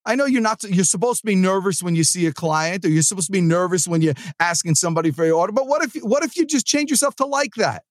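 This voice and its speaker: Talking fast with few pauses and a high voice, a New Jersey man who trains salespeople hosts his sales podcast, with no echo. The motivational monologue is casual and animated, rambling with many restarts.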